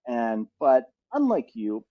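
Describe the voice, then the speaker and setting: A middle-aged man co-hosting a podcast, telling a rambling travel anecdote in a lively, casual way with frequent restarts. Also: mid-range voice, slow pace. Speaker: podcast co-host. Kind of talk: casual storytelling. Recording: slightly muffled audio.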